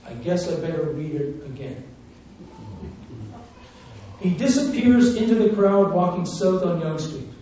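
Fervent preacher in an echoey hall. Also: male voice, high-pitched, animated, a little slow, long pauses, a little hiss or hum. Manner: fervent storytelling, swinging from hushed to loud. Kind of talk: sermon testimony. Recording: muffled, echoey, distant church recording.

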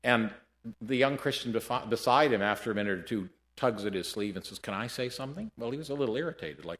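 A man delivering a sermon in an easy storytelling manner. His voice sits at a middling pitch and swings between quiet, low passages and loud, emphatic peaks. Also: fairly quick. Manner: storytelling, lively shifts between hushed and loud. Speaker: preacher. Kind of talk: sermon with anecdotes.

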